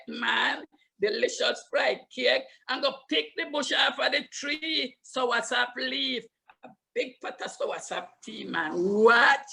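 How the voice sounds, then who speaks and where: An older woman storyteller from Limón, Costa Rica, with a Limón Creole English accent, telling childhood memories in an animated way and repeating words for emphasis. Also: a little high, vocal fry.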